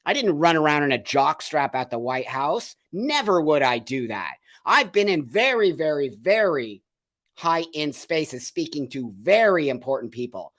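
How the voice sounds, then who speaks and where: A man's voice: a little high, big pitch swings, unhurried, a bit bright. Indignant man ranting on a livestream. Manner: emphatic, repeats phrases for effect. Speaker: host of a live show. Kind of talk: livestream commentary, reading viewer comments.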